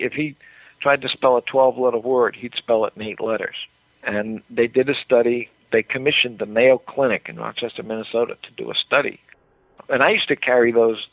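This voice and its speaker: A man's voice: medium pitch, no room sound. An older man telling a story with emphasis as a guest in a radio interview, often repeating words as he goes. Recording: dry tinny phone line.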